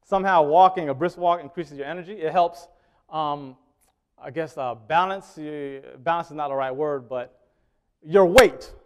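At a moderate pace and with a clean tone, a man with a highish voice preaches conversationally. He frequently asks the congregation questions, switching between loud emphasis and quiet asides.

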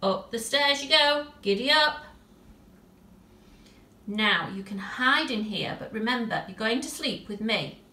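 A woman voicing a cross, bossy little girl who scolds her bear loudly. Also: a little high, expressive, unhurried, reverberant. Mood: exasperated.

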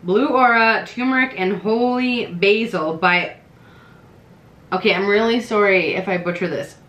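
A woman vlogger chatting excitedly as she unboxes beauty products, thinking out loud. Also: mid-range voice. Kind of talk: casual unboxing chat. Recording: echoey room.

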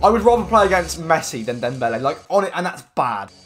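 Excitable young gamer shouting at play. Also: male voice, on the high side, fast talker, soft background music. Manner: excitable, swears, shouts at the game. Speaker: gaming YouTuber. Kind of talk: live gameplay commentary.

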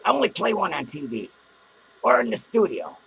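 A man playing a gravelly, drunk, foul-mouthed clown. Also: high voice, wildly swooping pitch, normal speed, a little hiss or hum, heavily acted, low-quality recording. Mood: boozy rambling. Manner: rambling, profane, self-mocking, with loud cackling laughs. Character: crude rambling drunk male clown. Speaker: podcast host. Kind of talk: comic in-character podcast rant. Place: small podcast studio.

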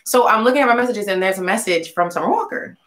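A young woman telling a casual storytime vlog, animated and slangy, acting out the voices of people in her story. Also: mid-range voice, fast talker. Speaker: singer vlogging a story. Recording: echoey room.

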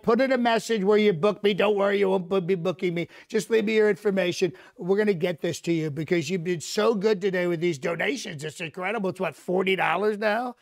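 A man's voice: high voice, a little fast, gravelly, few pauses. A comedian playing a bragging, rambling older male politician, hosting a live mock press conference. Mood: boastful. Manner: bragging, repetitive, rambling asides.

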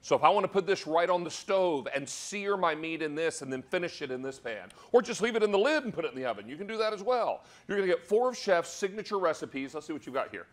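A man's voice: on the high side, expressive, quick pace, few pauses. A man hosting a live TV shopping cooking demo, with upbeat, salesy patter. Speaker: shopping channel host.

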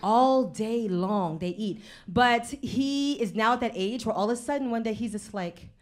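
A woman in her thirties doing a stand-up comedy set on a live stage, telling mouthy, animated stories about her kids with asides to the audience. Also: a little high, moderate pace. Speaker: stand-up comedian and show host.

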